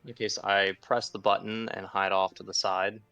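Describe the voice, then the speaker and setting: A man's voice: on the low side, flat delivery, normal speed, bright, forceful tone, clean tone, soft background music. A man speaking bluntly and matter-of-factly as a player in a tabletop role-playing game. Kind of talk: casual role-play as a player character.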